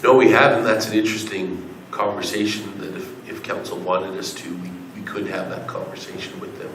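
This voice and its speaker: A man in a council budget meeting, explaining points in a measured way. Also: low voice, fairly even intonation, fairly bright tone, slight background noise. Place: council chamber. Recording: distant roomy chamber mic.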